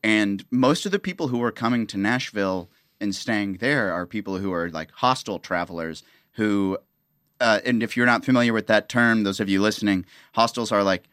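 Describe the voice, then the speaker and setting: A woman hosting a podcast in casual chat, animated and quick to slip into comic voices. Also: a bass voice, no room sound, clean studio sound. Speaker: podcast host.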